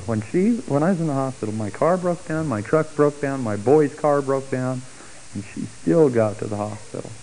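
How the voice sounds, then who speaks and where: Animated middle-aged man telling a story. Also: a little hiss or hum, poor audio. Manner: animated, acts out quoted speech with big pitch jumps. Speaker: storyteller giving a testimony. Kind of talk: personal testimony story.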